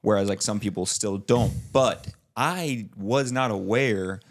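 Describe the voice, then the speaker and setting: This young man, a podcast co-host, keeps a measured pace in his lowish voice. The talk is a loose, rambling chat packed with filler likes and restarts, broken up by frequent laughs.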